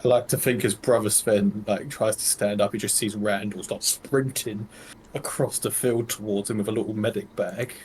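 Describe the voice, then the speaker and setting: A man playing in a tabletop game, briskly laying out his character's actions. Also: on the low side, steady tone, a little mellow, slight background noise. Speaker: player. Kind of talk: tabletop role-play.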